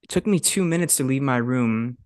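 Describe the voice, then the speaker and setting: A young man in his twenties, co-hosting a podcast and telling a story in a casual, animated way, swearing often and acting out what others said. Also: medium pitch, fairly quick, clean tone, dry recording, studio quality. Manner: animated, swears a lot, acts out quotes. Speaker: podcast co-host.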